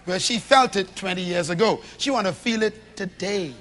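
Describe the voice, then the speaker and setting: A man preaching a sermon to a live congregation, swinging from shouts to low confiding tones and acting out little dialogues in different voices. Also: normal speed, slight background noise. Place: church hall with a congregation.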